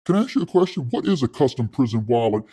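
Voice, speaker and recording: A man doing a calm male investor. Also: mid-range voice, fast talker, breathy edge.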